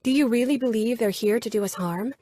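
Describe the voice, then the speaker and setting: Compassionate young wife read by a woman, voice lifted high and pushed forward, with a breathy edge. Pleading warmth, soft but firm. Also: a little fast, close to an everyday voice. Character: gentle, determined young wife of a mob boss.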